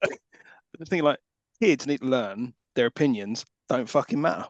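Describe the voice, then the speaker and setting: A man's voice: medium pitch, expressive, measured pace, dry recording, dull audio. A man co-hosting a podcast, making wry, sarcastic jokes about a film. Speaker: podcast co-host. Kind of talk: casual chat recapping a film.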